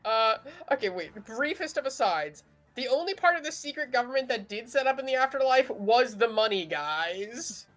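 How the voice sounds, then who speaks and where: A woman's voice: fairly high pitch, animated, moderate pace, a bit bright, faint music behind. A young woman narrating as game master, chatty and amused, with many fillers.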